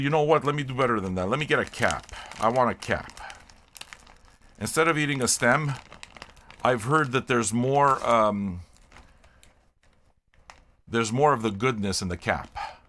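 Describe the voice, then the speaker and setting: This music reaction streamer, an older man from Canada, has a medium-pitched voice that's bright and forceful. His casual live-stream chat wanders, full of swearing and jokes traded with viewers.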